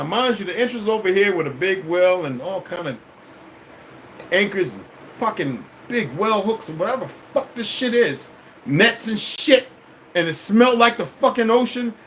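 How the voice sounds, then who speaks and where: A man's voice: high voice, fairly bright tone, a little hiss or hum, rough recording. A middle-aged man telling a long personal story as a vlogger, in a rambling, profane, emphatic way. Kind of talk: casual storytelling monologue.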